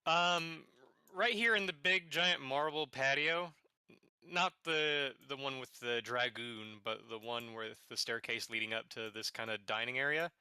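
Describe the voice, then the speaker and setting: A man's voice: medium pitch, unhurried, pushed and bright, clear, resonant tone, no room sound. A man playing a tabletop game online, talking through plans and questions with the group. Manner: planning, then hammy put-on Irish brogue. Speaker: player. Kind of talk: tabletop game chat over voice call.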